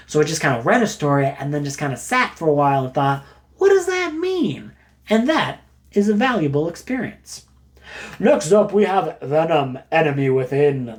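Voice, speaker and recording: A man casually recommending books, rambling and jokey, getting animated as he retells a story. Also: a little high. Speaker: book reviewer. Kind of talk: casual book recommendation talk.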